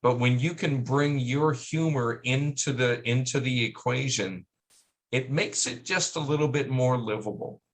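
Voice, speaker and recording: Man on a radio show, talks real slow, stops to hunt for words, dry jokey humor. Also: mid-range voice. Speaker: guest. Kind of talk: radio interview.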